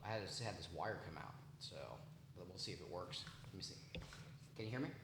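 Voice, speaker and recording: A man's voice: low voice, brisk, fairly bright tone. A man co-hosting a podcast, chiming in with jokes and short replies. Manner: joking interjections and short backchannels. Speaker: podcast co-host. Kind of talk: casual chat. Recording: echoey room with faint background noise.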